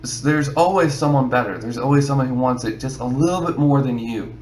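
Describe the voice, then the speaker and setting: A man's voice: medium pitch, brisk, a little mellow, roomy sound, low-quality recording. A man giving casual advice to other artists, rambling and filling his talk with "you know". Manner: rambling, repeats himself, many "you know"s.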